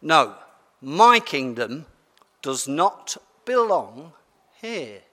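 A preacher reading aloud as a calm, solemn male king, speaking slowly and low. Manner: slow, low, measured reading. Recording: long church hall reverb.

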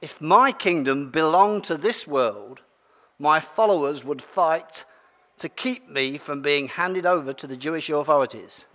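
A preacher reading aloud as a calm, solemn male king, speaking slowly and low. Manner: slow, low, measured reading. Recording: long church hall reverb.

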